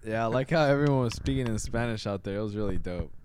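A young man chatting casually with friends, relaxed and swearing freely as he recalls a trip. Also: on the low side, quick pace, a little hiss or hum. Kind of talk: casual chat among friends.

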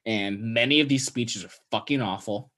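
A man's voice: lowish voice, moderate pace, fairly bright tone. Profane young man recapping a movie. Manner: loose and profane, acts out characters' lines. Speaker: podcast co-host. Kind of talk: casual chat recapping a movie.

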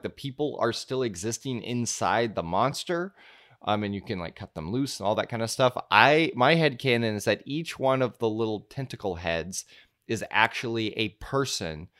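A man co-hosting a casual movie podcast, musing out loud with plenty of fillers and playful asides. His voice sits a little low. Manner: rambling, many fillers, playful. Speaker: podcast co-host.

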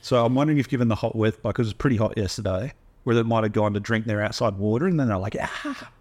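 A man's voice: fairly low pitch, rapid-fire, a little mellow. A man co-hosting a casual podcast, rambling and hesitant with many restarts. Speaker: podcast co-host. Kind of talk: casual banter.

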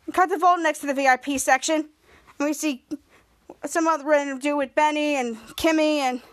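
A woman hosts a podcast and recaps an episode in casual talk. She rambles and restarts her sentences often. Her voice sits very high. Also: steady tone, fairly quick, fairly bright tone. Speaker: podcast host.

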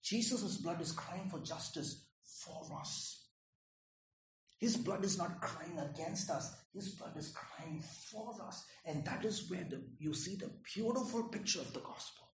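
A man's voice: sits high, a little slow, reverberant, slight background noise, rough recording. A man preaching a sermon in an earnest way, often asking the audience questions and repeating his words.

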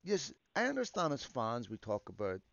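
A man's voice: medium pitch, huge pitch swings, normal speed, gravelly, fairly bright tone. A man hosting a casual football chat, building his points in long runs. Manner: talks in long arguing runs. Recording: dull lo-fi dry sound.

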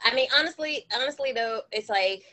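A woman's voice: a little high, a little fast, bright, forceful tone. A woman co-hosting a podcast in casual chat, playful and teasing, laughing easily. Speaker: podcast co-host.

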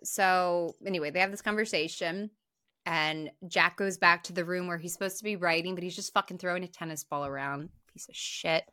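A young woman co-hosts a podcast and retells a film scene by scene, chatty and animated, with frequent swearing and restarts. Her voice sits somewhat low but sounds bright and forceful. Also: fairly quick, no room sound, clean studio sound. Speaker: podcast co-host. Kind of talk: casual chat recapping a film.

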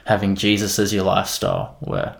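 A man's voice: sits low, very animated, fairly quick, creaky, faint music behind. A young man casually sharing his faith story, earnest and rambling, with lots of "like" and "you know". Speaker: guest sharing faith testimony. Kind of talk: casual faith testimony chat.

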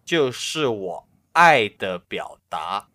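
A man reading the part of a caring mother who wakes her son, in a plain, steady voice. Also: lowish voice, takes it slowly, heavily acted. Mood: loving. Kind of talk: reading a scripted practice dialogue.

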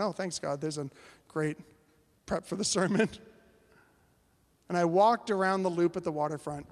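A male pastor preaching a sermon as a lively story, acting out the voices of the people in it. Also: a little high, in a large hall.

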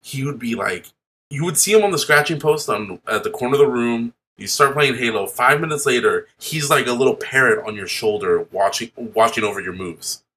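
A young man co-hosting a podcast who tells stories excitably and swears freely. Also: mid-range voice, fairly quick. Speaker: podcast co-host. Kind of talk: casual chat.

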